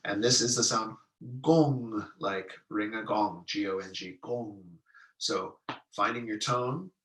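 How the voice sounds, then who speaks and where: A man leading a guided healing-sound meditation, speaking calmly and softly and drawing out long chanted vowel tones. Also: on the low side, moderate pace. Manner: calm, soft-spoken guidance with long chanted vowel tones. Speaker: meditation teacher. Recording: echoey room, mic at a distance.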